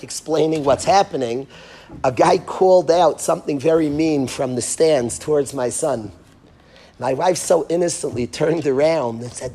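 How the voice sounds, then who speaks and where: A rabbi giving a parenting lecture tells a vivid story, his delivery swinging from hushed to emphatic. His voice sits on the high side.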